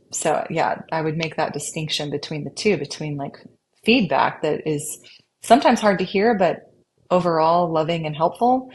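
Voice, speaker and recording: A woman's voice: deep voice, slight background noise. A woman speaking as a podcast guest in a reflective conversation, earnest and often acting out an inner dialogue. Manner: warm, earnest, acts out inner dialogue in quotes.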